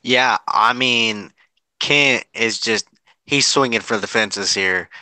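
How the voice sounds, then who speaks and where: A man co-hosting a podcast, giving measured, steady commentary on a contestant's strategy. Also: on the low side, clean tone, dry recording, poor audio. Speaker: podcast co-host. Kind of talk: casual commentary.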